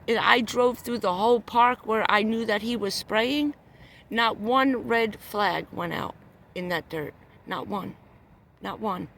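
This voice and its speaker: A woman's voice: a little high, fairly bright tone, a little hiss or hum. A woman on a livestream, ranting in a heated, profane, repetitive way, upset and near tears, talking from a parked car. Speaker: vlogger. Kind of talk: angry livestream rant.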